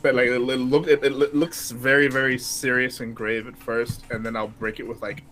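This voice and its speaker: A man playing a tabletop game in character, speaking in a halting, stammering way. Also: mid-range voice, level tone, pushed and bright, low-quality recording. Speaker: player.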